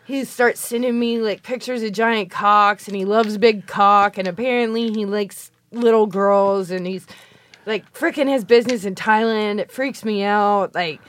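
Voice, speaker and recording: A woman's voice: medium pitch, fairly even intonation, a little slow, no echo. A woman telling long, profane stories in casual chat, rambling and acting out the people in them. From Kentucky.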